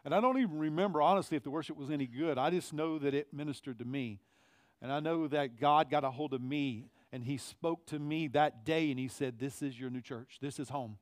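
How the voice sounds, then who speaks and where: A middle-aged male pastor preaching a conversational sermon in church, growing loud on key phrases. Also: a little high, brisk, no echo. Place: church sanctuary.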